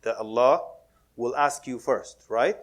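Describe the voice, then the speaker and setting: A man giving a lively, joking talk to an audience at a mosque, mixing in Arabic words and acting out quotes. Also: mid-range voice, a little slow. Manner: animated, playful, drops Arabic words, laughs often. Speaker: Muslim speaker giving a talk.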